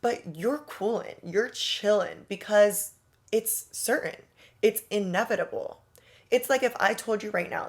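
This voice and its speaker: A woman's voice: mid-range voice, unhurried. A woman coaching on manifestation in a casual, emphatic monologue, talking straight to the listener with slang and rhetorical questions. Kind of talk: motivational monologue.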